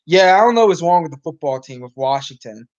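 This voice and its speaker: A man's voice: fairly high pitch, lively intonation, a little fast, dull audio. Rambling man talking sports, voice going. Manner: rambling, restarts, many ums, reacts to live game. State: losing his voice. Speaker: sports podcast host. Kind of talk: casual live sports talk.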